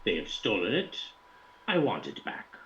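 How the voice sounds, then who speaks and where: A man's voice: on the low side, huge pitch swings, a bit bright, muffled recording, a little hiss or hum. A man playing a cold, formal male employer. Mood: calm. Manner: formal, measured, no contractions.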